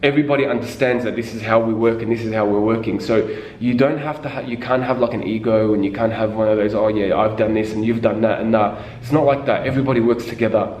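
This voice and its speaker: A man's voice: fairly low pitch, quick pace, darkish tone, lo-fi sound, slight background noise. A young man giving blunt, casual advice on cabin crew interviews, acting out mock quotes and swearing now and then. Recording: echoey room with faint ambience.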